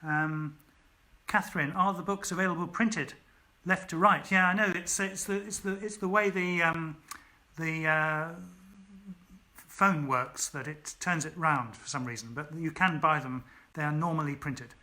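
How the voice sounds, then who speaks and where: Man, author, home livestream, chatty, many ums, bright, slightly high voice. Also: a little slow. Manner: chatty, many ums, thanks viewers by name. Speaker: author reading his own story. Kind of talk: reading aloud, then casual live Q&A. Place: at home during lockdown.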